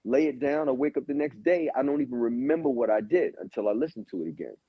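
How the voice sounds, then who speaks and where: A man who is a guest musician tells stories casually in a podcast interview, swearing and acting out what others said. His mid-range, slightly rough voice is expressive and fast. The audio is dull lo-fi with no echo.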